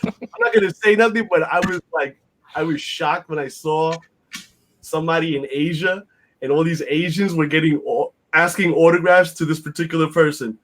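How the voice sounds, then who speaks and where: A man's voice: on the high side, moderate pace, fairly bright tone, a little hiss or hum. Blunt, profane man in his fifties. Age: 50s. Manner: blunt, profane, rambling with frequent fillers. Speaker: podcast host. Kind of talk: casual chat.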